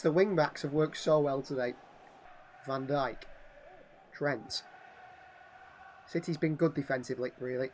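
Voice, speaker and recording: A channel host with a hoarse, slightly high voice provides football video game commentary at a moderate pace with long pauses. He shifts between calm play-by-play and excited yelling when goals are scored.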